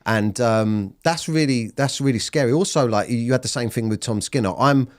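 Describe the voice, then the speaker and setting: A comedian in his thirties, appearing as a guest, speaks bluntly and candidly in an interview. He swears freely and keeps restarting his sentences, with a medium-pitched voice at a normal pace.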